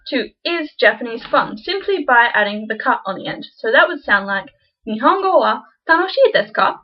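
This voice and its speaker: Woman, higher voice, casual teacher who repeats examples slowly; dull lo-fi home recording. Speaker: language teacher. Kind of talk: casual beginner lesson.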